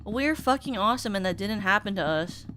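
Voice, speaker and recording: A woman's voice: medium pitch, brisk. Young woman game streamer: casual, sniffly, self-deprecating, shrieks when startled, game music underneath. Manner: chatty and self-mocking, bursts into excited shrieks. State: sniffly nose. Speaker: VTuber streamer.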